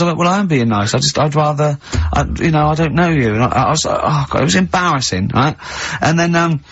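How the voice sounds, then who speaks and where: A man hosting a radio show, telling stories in lively banter and acting out the other people's lines. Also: mid-range voice, fast talker, hardly any pauses, slightly rough. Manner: animated storyteller who acts out other people's lines. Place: radio studio. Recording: lo-fi radio recording.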